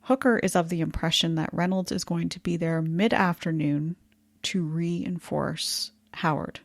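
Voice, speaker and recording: A woman co-hosts a history podcast in an easy conversational tone. Her voice sits on the low side, and she laughs easily at her own slips. The sound is dry and close, with no room around it. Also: fairly even intonation, unhurried, no echo. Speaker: podcast co-host. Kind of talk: casual history podcast chat.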